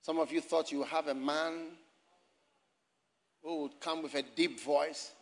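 A pastor with a somewhat high voice preaches a sermon in church at a measured pace. He's animated, frequently shouting and laughing as he speaks to both the congregation and online viewers.

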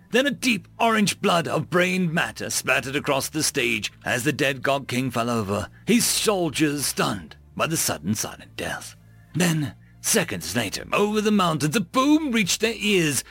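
A man narrating science-fiction short stories in an expressive, dramatic reading style, close to the mic. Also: on the high side, vocal fry. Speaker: story narrator. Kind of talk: sci-fi story reading.

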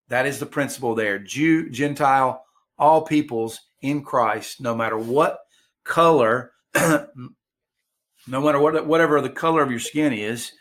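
A man preaching a sermon to his church, reading scripture slowly and pausing for emphasis. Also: mid-range voice, fairly bright tone. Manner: slow, deliberate preaching with emphatic pauses. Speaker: pastor.

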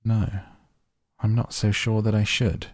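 A man voicing a gentle, thoughtful middle-aged father, speaking in a measured way. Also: lowish voice, level tone, dry recording, studio quality, pitched above the performer's own voice.

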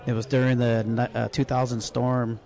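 A man's voice: medium pitch, flat delivery, normal speed, a little mellow. A man telling rambling, profane stories in a casual chat, with Spanish slang mixed in. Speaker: podcast co-host telling a story. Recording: muffled lo-fi sound.

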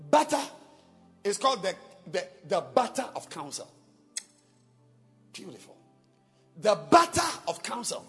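A male preacher delivers his sermon in an animated, high voice that rises and falls dramatically. He repeats key phrases for emphasis and urges the congregation to pray, with faint music behind him. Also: measured pace, long pauses, big-room sound. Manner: emphatic, repetitive, calls for responses. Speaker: pastor.

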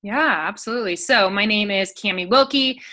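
Bright, enthusiastic young woman guest. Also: medium pitch, normal speed. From United States. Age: 20s. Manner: enthusiastic and friendly. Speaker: guest, dieting coach. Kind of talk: casual podcast interview.

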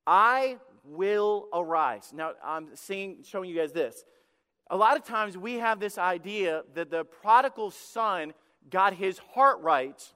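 A man's voice: high voice, bright, forceful tone. A male pastor preaching a sermon with passion, acting out quoted prayers and pleas. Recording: long hall reverb.

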